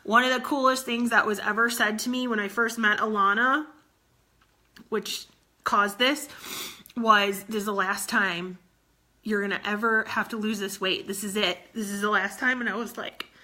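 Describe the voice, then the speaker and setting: A woman in her thirties, a fitness coach, gives an emotional motivational talk to her team, speaking earnestly while close to tears and often repeating phrases. Her medium-pitched voice is steady, pushed and bright, at a moderate pace.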